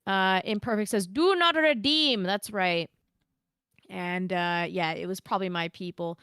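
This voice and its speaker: A woman's voice: lowish voice, flat delivery, measured pace, a bit bright, clear, resonant tone, no echo, studio quality. A young Canadian woman co-hosting a gaming podcast, reading out stream chat in a casual, chatty way and swearing freely. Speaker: podcast co-host.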